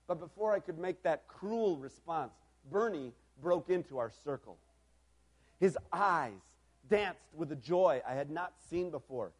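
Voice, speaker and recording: A man preaching a sermon in a storytelling style, moving from quiet reflection to loud, emphatic calls. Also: a little high, animated, a little slow.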